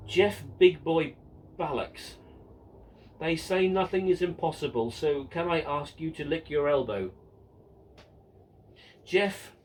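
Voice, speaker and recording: A man in his fifties who hosts a model railway channel speaks at a fairly high pitch, recorded on a distant mic with some hiss or hum and poor audio overall. In a casual Q and A, he reads out viewer questions jokingly and mocks himself, with plenty of ums and restarts.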